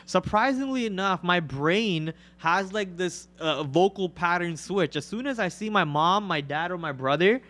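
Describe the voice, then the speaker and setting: A man's voice: high voice, expressive, normal speed, few pauses, bright, forceful tone. A man with a Canadian accent co-hosting a trading livestream, chatting casually and joking, with plenty of fillers. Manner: joking, rambling, lots of fillers.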